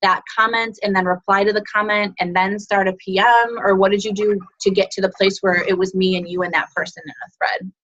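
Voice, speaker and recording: A woman's voice: mid-range voice, little pitch movement, fairly bright tone. A woman coaching her team on a group video call, chatty and encouraging. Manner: encouraging, chatty, fast asides. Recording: dull lo-fi call audio.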